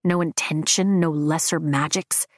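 A woman voicing a low, teasing young man. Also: steady tone, measured pace, dry recording, clean studio sound. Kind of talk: audiobook dialogue.

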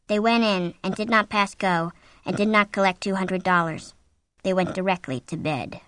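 Bright, dry-voiced woman narrator. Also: medium pitch, moderate pace, dry recording. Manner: expressive, suspenseful reading. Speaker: audiobook narrator. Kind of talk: scripted narration of a horror novel.

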